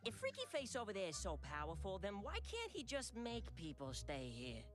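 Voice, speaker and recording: Flirty spider demon, brash, crude, animated pitch, cartoon clip. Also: male voice, normal speed, faint music behind, heavily acted. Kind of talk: animated series dialogue.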